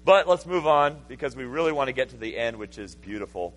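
A man in his thirties preaching a sermon, swinging from loud, emphatic passages to hushed, intimate ones. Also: medium pitch, lively intonation, brisk, few pauses, rough recording. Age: 30s. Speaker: pastor.

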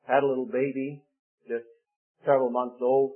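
A man's voice: medium pitch, moderate pace. An older man preaching a sermon, telling homely stories about his marriage in a folksy way and acting out the voices of the people he quotes. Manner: folksy storytelling, quotes others in lively voices. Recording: phone-like narrow sound.

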